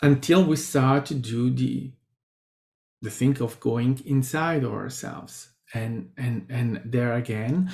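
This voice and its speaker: A man with an Italian accent, a spiritual teacher giving a halting, reflective casual monologue full of restarts. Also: medium pitch, a little mellow. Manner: halting, many restarts and fillers. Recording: roomy echo.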